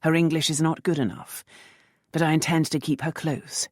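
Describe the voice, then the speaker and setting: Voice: medium pitch, steady tone, moderate pace, darkish tone, no room sound, studio quality, pitched above the performer's own voice, lightly acted. A narrator voicing a commanding, sardonic aristocratic rake who speaks in a lightly mocking drawl.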